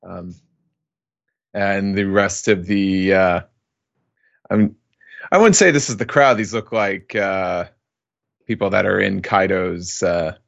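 Slow, gravelly man recapping casually. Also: muffled recording. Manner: halting, many fillers, acts out quotes in higher voice. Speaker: podcast co-host recapping a manga chapter. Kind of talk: casual recap with quoted lines.

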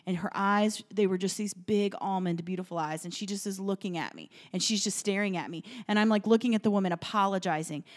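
A woman co-hosting a podcast, telling a personal story in casual chat at a kitchen table, animated and emotional, with plenty of fillers. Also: mid-range voice, fast talker, few pauses. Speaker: podcast co-host.

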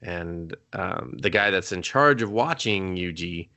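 A man's voice: deep voice, lively intonation, a little slow, bright, forceful tone. A young man on a podcast casually recapping an anime episode, rambling, laughing often and coughing now and then. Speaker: podcast co-host.

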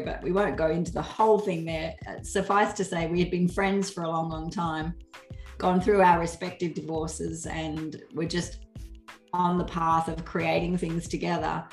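A middle-aged woman, a podcast guest, telling a personal story in a warm, earnest way and often acting out what people said. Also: on the low side, echoey room. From Australia. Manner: warm, earnest, laughs often, acts out quoted speech. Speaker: guest author. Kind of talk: casual storytelling in a podcast interview.

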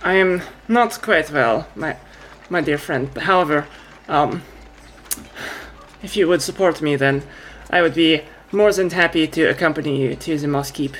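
A woman putting on a gentle noble lady with a French lilt. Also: low-pitched, unhurried, poor audio. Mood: tender. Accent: attempted French accent.

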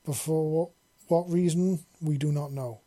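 A foul-mouthed male paladin commander, put on by a man narrating a story, giving orders with force. The voice is husky and mellow, sitting a little high, with a dry, close sound. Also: steady tone, a little slow. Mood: grim. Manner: swearing, forceful briefing.

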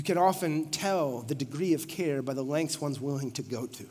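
A man's voice: on the high side, a little mellow, breathy edge. A man preaching a sermon, mixing scripture with playful comic stories. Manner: playful, acts out phone calls in quick asides. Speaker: pastor. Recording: hall reverb.

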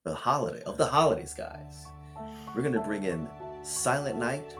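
A man co-hosting a podcast, chatting casually in a goofy, halting way. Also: medium pitch, animated, loud music behind the voice. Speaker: podcast co-host. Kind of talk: casual chat.

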